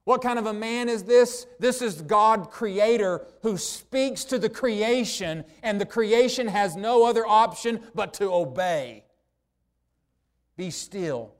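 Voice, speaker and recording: A man preaching a sermon, earnest, slowing right down to stress key words. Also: high voice. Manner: earnest preaching, slows down for emphasis. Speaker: pastor.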